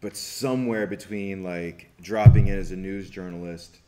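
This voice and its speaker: A man, a documentary filmmaker, telling a story on a festival panel in an animated way, acting out quotes, with many restarts. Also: sits low, normal speed.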